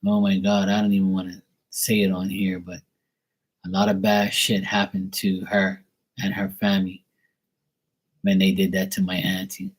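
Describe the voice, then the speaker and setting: A man with a low, husky voice gives a casual live-stream psychic reading. He talks bluntly and emphatically, swearing freely as he makes his points, with a slightly roughened edge to his tone. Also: completely flat delivery, moderate pace, poor audio. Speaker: psychic tarot reader.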